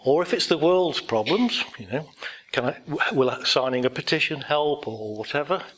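A man's voice: a little high, lively intonation, normal speed, fairly bright tone. A man giving a motivational talk to an audience, blunt and rambling, telling anecdotes with self-deprecating laughs.

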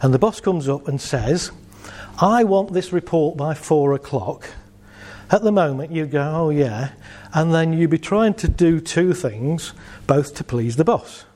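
Middle-aged man, warm relaxed timbre, chatty live-talk speaker with a joking streak. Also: fairly high pitch, unhurried. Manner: chatty, jokey, laughs at his own stories. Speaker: speaker giving a talk on assertiveness. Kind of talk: casual talk to a live audience.

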